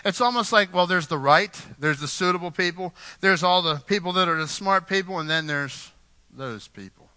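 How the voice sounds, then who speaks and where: A man from Pittsburgh delivers a sermon to his congregation. His voice is very bright and a little high. He talks in a loose, conversational way, stumbles over repeated words and keeps asking the listeners questions. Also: a little fast, few pauses, smooth. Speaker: pastor.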